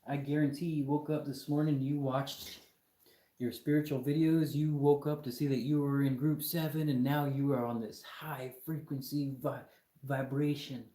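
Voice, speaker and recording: A young man lectures his live-stream chat in an argumentative, mocking way. His voice is mellow and dark in tone. It sounds like a room with a lot of echo. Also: medium pitch, little pitch movement, moderate pace. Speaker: livestream host.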